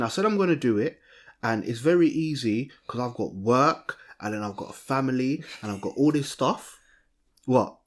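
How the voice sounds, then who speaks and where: A young man chats casually on a podcast. His voice sits at a middling pitch, and he keeps breaking off and restarting his sentences as he talks things through with his co-host. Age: young adult. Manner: animated, chatty, self-interrupting. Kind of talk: casual chat.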